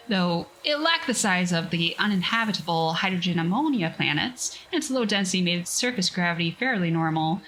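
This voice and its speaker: A woman's voice: lowish voice, fairly bright tone, a little hiss or hum, rough recording. A woman reading a science fiction story aloud on a casual livestream, breaking off for chatty, self-mocking asides.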